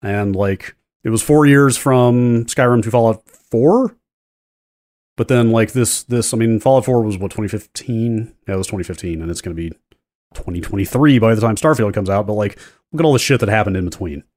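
A man's voice: fairly low pitch, brisk, darkish tone. A man co-hosting a casual podcast chat, rambling and often restarting his sentences. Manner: rambling, self-interrupting. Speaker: podcast co-host.

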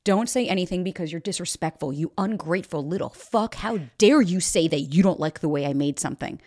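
A woman's voice: fairly low pitch, fairly quick, a little mellow, dry recording, clean studio sound, close to an everyday voice. A woman voicing her father as he harshly berates his child for being ungrateful. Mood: berating.

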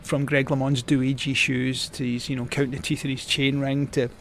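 Scottish guy rambling through old stories, lots of ums and restarts, middle pitch, bit of quiet room hum. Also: little pitch movement, moderate pace. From Scotland. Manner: rambling, with many fillers and restarts. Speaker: guest, cycling journalist. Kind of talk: casual storytelling.

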